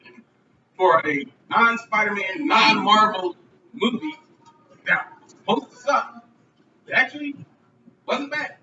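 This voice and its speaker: A man's voice: high-pitched, measured pace, pauses often, background noise. Man talking in a roomy club. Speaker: podcast co-host. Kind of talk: live podcast banter. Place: comedy club stage. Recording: roomy lo-fi live venue recording from a distance.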